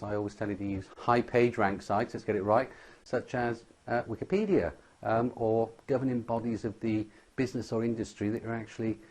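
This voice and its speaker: The SEO instructor here has a mid-range, mellow voice that is slightly rough. Lecturing on website ranking, he emphasizes each point and often checks in with "okay?"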